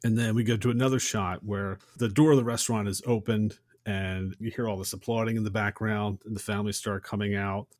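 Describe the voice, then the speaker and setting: A low-pitched man casually walks through a film scene as a podcast co-host, slipping into the characters' lines as he goes. His voice sounds dry and close, with no room echo. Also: steady tone, a little fast, few pauses, darkish tone. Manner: retells scenes and acts out quotes. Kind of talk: casual movie recap.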